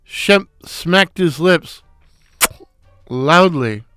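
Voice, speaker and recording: A man narrating a comic story in a wry, deliberate way. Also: fairly high pitch, lively intonation, a bit bright, clear, resonant tone, no echo, clean studio sound, soft background music. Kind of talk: storytelling with character voices.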